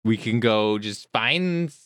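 A man who hosts a comedy podcast, speaking in a hesitant, meek way with many halting starts. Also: lowish voice, lively intonation, a bit bright, no room sound, clean studio sound. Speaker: podcast host.

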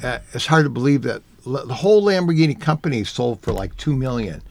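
A man's voice: mid-range voice, expressive, fairly quick, vocal fry. A man who works as an auto journalist, telling long, rambling anecdotes in a casual radio talk.

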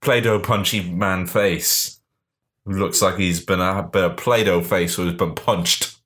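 Guy on a podcast, kinda low voice, laughs at his own jokes, acts all self-important for a bit. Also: fairly even intonation, measured pace, a bit bright. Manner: self-mocking, giggly, mock-pompous. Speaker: podcast co-host. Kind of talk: casual comedic banter.

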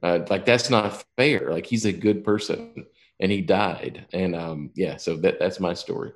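A man's voice: sits low, unhurried, a little hiss or hum. A man in his fifties telling a long personal story in casual chat, rambling and profane, often restarting his sentences.

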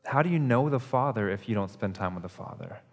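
A man's voice: on the low side, expressive, quick pace. A male pastor preaching a sermon at a church service, in an earnest, conversational way that repeats its phrases for emphasis. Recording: long hall reverb.

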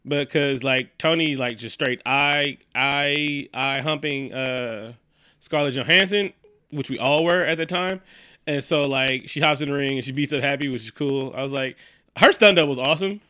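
A man's voice: medium pitch, moderate pace, clear, resonant tone, dry recording. A man casually recapping a movie, joking and swearing freely as he tells the story. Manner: profane, joking, animated storytelling.

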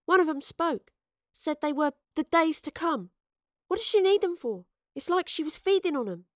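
A woman's voice: sits high, very animated, normal speed, dry recording, studio quality, voice pushed up. A woman voicing a blunt, defiant young working-class woman in an audiobook, clipped and slangy. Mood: urgent. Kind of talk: audiobook character voice.

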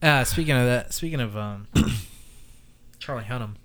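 A male podcast host in loose, offhand chat, cursing freely and poking fun at himself. His voice sits at an ordinary middle pitch for a man. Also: unhurried, a bit bright. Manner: loose, swearing, self-mocking. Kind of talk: casual chat.

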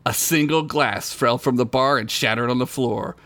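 A man's voice: medium pitch, normal speed, sharp tone, no echo. A man reading a crude comic story aloud as podcast host, laughing often.

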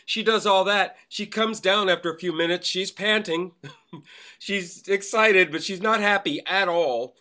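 A man's voice: high-pitched, measured pace, bright, forceful tone. A man hosting a podcast and teaching acting, telling a rambling story full of fillers and restarts in casual interview chat.

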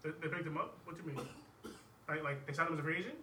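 A man's voice: a little high, racing, bright, forceful tone, a little hiss or hum. A man arguing his point in casual sports podcast talk, often restarting words. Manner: argumentative, stumbling restarts. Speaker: podcast co-host. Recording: roomy and distant.

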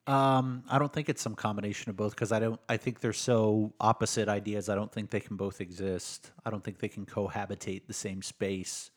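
A man co-hosting a casual book podcast, musing out loud and thinking through ideas with restarts. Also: on the low side. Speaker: podcast co-host.

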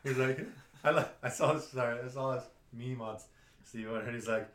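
A man's voice: medium pitch, steady tone, brisk, fairly bright tone. A man co-hosting a podcast in casual chat, giggly, joking and profane. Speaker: podcast co-host. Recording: echoey room.

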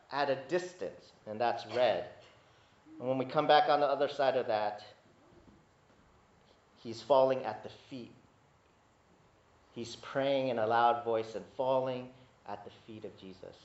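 A man preaching a sermon as pastor, teaching in a conversational way with asides and restarts, pitch climbing when he grows emphatic. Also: unhurried, long pauses. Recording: echoey hall, dull lo-fi sound.

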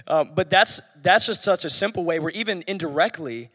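A man's voice: a little high, big pitch swings, a little fast, few pauses, fairly bright tone, breathy edge, long reverb tail. A man hosting a church podcast, telling stories in an encouraging way. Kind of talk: casual church podcast chat.

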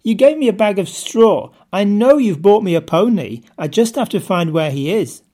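A man voicing an eager, optimistic boy twin, excited and sure of good news. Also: high-pitched, normal speed, pitched above the performer's own voice.

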